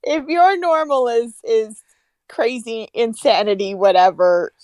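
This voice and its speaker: Woman, casual stream chat, giggly, stumbling restarts, fairly high voice. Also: unhurried, no echo. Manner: warm, giggly, repeats and restarts words.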